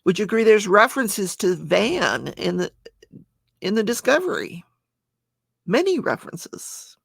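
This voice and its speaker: A woman talks through a trial recap in a casual, chatty way, reading quoted lines and adding her own asides. Her voice carries a heavy gravelly fry. The sound is close and dry, with no room around it. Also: medium pitch, very animated, unhurried, no room sound. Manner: chatty, reads testimony in plain voice with asides. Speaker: true crime channel host.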